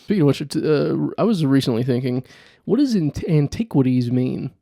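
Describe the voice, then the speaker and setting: A young man riffs alone on his comedy podcast, rambling and chuckling at his own jokes. His voice is mellow and gravelly, at an ordinary pitch. The sound is close and dry. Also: animated, normal speed, no room sound. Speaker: podcast host. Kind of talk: solo comedy podcast monologue.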